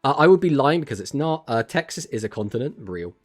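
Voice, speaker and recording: A man's voice: mid-range voice, very animated, quick pace. A man with an English accent, casting a card tournament on a live stream, chatting and joking as he reads out and answers messages from his chat.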